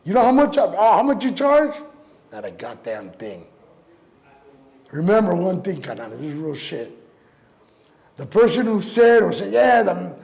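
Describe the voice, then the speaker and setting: A man's voice: a little high, very animated, unhurried, vocal fry, a little mellow. A middle-aged man, a rapper telling profane stories in an interview and acting out other people's voices. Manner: profane, acts out quoted voices. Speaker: rapper and DJ guest. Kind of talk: animated storytelling interview.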